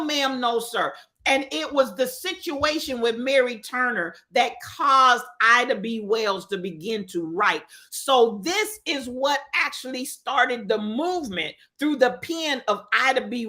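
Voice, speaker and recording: Impassioned high-voiced woman host. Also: bright, forceful tone. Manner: preacherly, repeats phrases for emphasis, asks listeners rhetorical questions. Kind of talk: impassioned talk-radio commentary.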